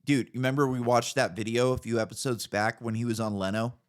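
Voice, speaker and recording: A man in his thirties talking on a casual podcast, his voice sitting at an ordinary middle pitch. He rants loosely and swears freely, slipping into sarcasm as he goes. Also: steady tone, fast talker, smooth. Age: 30s. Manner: profane, ranting, mocking voices in quotes. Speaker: podcast co-host.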